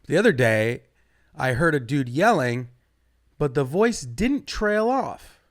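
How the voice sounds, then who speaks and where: A young man works through a stand-up set in a rambling, foul-mouthed way. His fairly high voice swings widely in pitch and leaps into loud outbursts. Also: slow pace. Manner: profane, rambling, animated delivery with sudden loud jumps. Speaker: stand-up comedian.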